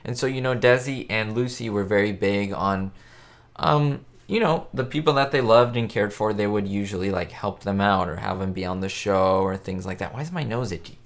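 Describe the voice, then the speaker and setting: A man with a lowish voice hosts a casual facecam live chat stream about a classic sitcom, speaking at a moderate pace. He answers viewers' comments in a rambling, chatty way with lots of fillers.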